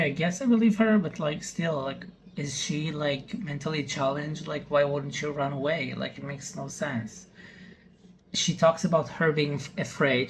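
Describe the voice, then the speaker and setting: A reaction host thinks aloud and sounds skeptical and incredulous. The commentary runs over a clearly noisy background. The pitch sits in a middle range.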